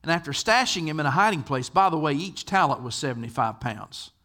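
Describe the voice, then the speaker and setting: A man's voice: a little high, animated, brisk, sharp tone. An older man preaching a sermon, telling stories in a conversational way and asking his listeners questions. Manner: conversational storyteller, asks the audience questions. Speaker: pastor.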